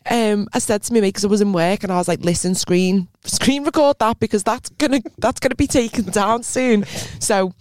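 A woman co-hosting a podcast, telling stories and throwing in deadpan quips between laughs. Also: mid-range voice, fairly quick, few pauses, dry recording, studio quality. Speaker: podcast co-host. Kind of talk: casual comedic banter.

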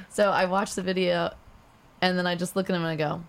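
A woman's voice: on the low side, steady tone, fairly quick, gravelly. A woman chatting casually on a vlog, dry and teasing, laughing often. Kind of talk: casual chat.

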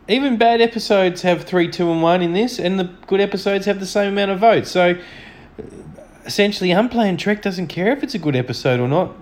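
A man's voice: high-pitched, a little mellow. A man hosting a solo podcast, chatting enthusiastically and a little self-deprecatingly as he reviews an episode from home. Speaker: podcast host. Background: dog snoring.

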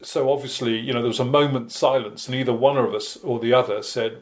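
A man's voice: mid-range voice, fairly even intonation, brisk, hardly any pauses. A man from Britain, a guest musician in a casual interview, telling anecdotes in a wry, self-deprecating way.

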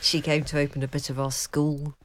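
A woman, co-hosting a casual chat, dry and teasing with quick quips. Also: low-pitched, flat delivery, dry recording. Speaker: co-host.

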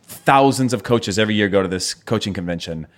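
A man's voice: lowish voice, brisk. A man co-hosting a podcast in casual chat, rambling and playful with lots of hesitations. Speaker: podcast co-host.

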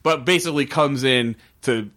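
This man, speaking at medium pitch and normal speed, runs a casual podcast where he recaps a TV episode with lots of energy. Profanity flows freely, and he performs the characters' quotes himself.

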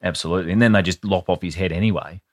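A man's voice: sits low, racing. A man with an Australian accent, telling a grim story with sweary, wry asides in a casual podcast chat. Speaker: podcast co-host.

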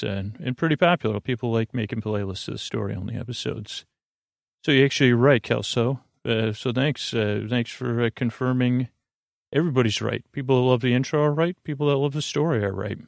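A man hosting a sleep podcast, reading listener reviews aloud in a halting way, with many ums and restarts. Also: mid-range voice, creaky, dry recording, clean studio sound. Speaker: podcast host.

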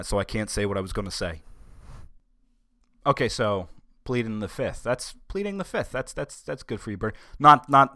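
A man's voice: fairly low pitch, fairly bright tone, dry recording, clean studio sound, natural voice. A man doing an impression of an elderly male politician who rambles, stammers and trails off.

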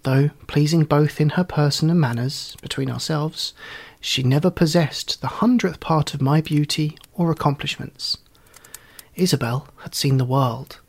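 A man narrating a story in an audiobook, reading in a measured, wry way. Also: on the high side, vocal fry, husky. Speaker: reader.

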